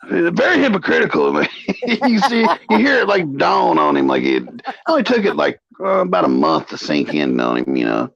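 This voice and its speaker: A man's voice: wildly swooping pitch, moderate pace, vocal fry, fairly bright tone, no room sound, muffled recording. A man co-hosting a casual chat show, gossiping and retelling stories. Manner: gossipy, retells with put-on high quotes. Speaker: co-host.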